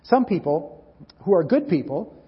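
A man's voice: high voice, very animated, measured pace, slightly rough. A man preaching a sermon, telling a story with earnest delivery and acting out its dialogue. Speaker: pastor. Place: church sanctuary. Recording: dull, roomy church hall audio.

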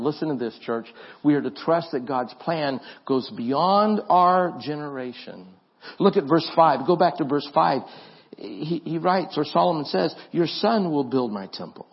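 A man's voice: a little high, slightly rough, highs cut off. A man preaching as a pastor, earnest and repetitive, in a church. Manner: earnest preaching with repeated phrases and restarts. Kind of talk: sermon.

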